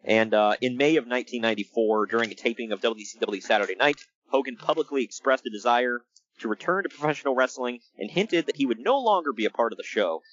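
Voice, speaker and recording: A man co-hosting a casual podcast, talking in an animated, exasperated way and laughing often. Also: mid-range voice, fast, dull audio. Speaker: podcast co-host. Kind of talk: casual wrestling podcast chat.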